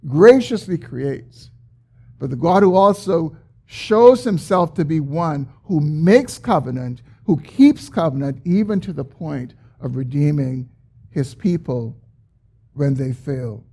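Husky-voiced male preacher, high-pitched. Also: lively intonation, warm tone. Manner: expository preaching, emphatic with drawn-out stresses. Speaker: pastor. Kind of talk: sermon.

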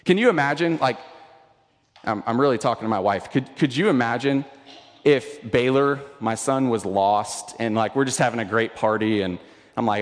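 A male pastor in his thirties gives a casual, conversational sermon. His voice sits at an ordinary pitch and rings out with a long reverb, as in a large hall. He restarts his words often and swings from urgent emphasis to quiet, hushed asides. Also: moderate pace.

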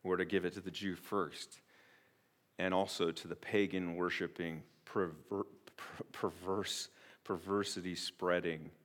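A man preaching a sermon as pastor, earnest and emphatic, often restarting phrases and swinging between quiet and loud. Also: sits low.

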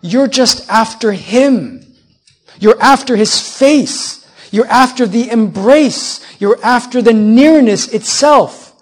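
A man's voice: extremely high pitch, expressive, slow. A man in his thirties preaching a sermon as a pastor, building on repeated phrases and putting rhetorical questions to his congregation.

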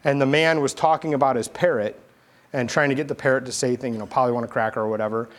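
Animated conversational male pastor preaching. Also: medium pitch, fast talker. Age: adult, army veteran. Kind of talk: sermon.

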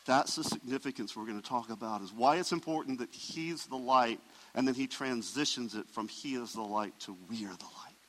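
A man preaching a sermon as pastor, emphatic, swelling loud and dropping soft. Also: medium pitch, moderate pace, hardly any pauses, big-room sound, rough recording.

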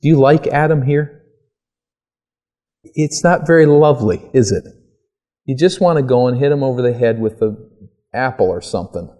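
Male preacher, mid-pitched, sermon delivery that climbs to emphatic peaks. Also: normal speed, long pauses, mellow. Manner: rhetorical questions, rising to emphatic peaks.

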